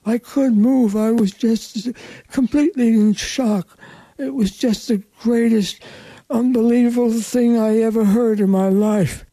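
A woman's voice: medium pitch, fairly even intonation, a little slow, dark tone, no room sound. An older woman recalling the past in an interview, earnest and emphatic. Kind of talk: reminiscing interview.

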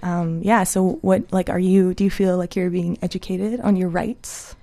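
A young woman hosting a student radio show, chatting casually in a relaxed, self-deprecating, joking way. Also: fairly low pitch, moderate pace, no room sound. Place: radio studio.

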